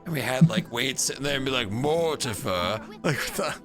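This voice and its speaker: A man's voice: medium pitch, fast talker, music in the background. A man hosting a tabletop game stream, chatting casually and rambling with lots of fillers. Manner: rambling, many fillers and restarts. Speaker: stream host. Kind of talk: casual pre-game chat.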